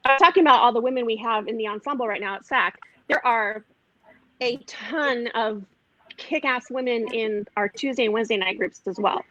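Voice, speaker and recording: A woman's voice: fairly high pitch, moderate pace, fairly bright tone, dull audio. A woman improv performer chatting casually on a video call, with many restarts and fillers.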